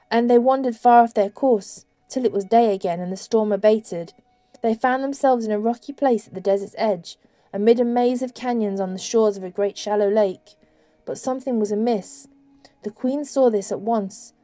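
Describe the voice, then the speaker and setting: A woman reads an audiobook in a measured, steady way. Her voice is mellow and warm in tone. The recording is dry and close, with no room sound. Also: mid-range voice, no echo. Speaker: audiobook narrator. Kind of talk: audiobook narration.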